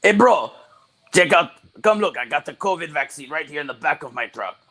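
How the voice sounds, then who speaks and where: A man's voice: lively intonation, a little fast, pushed and bright, full character voice. Man doing a cocky fake Russian bro. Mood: hustling. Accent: put-on Russian accent. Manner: swaggering and sales-pitchy. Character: shady Russian bro hawking a vaccine, adult man, cocky.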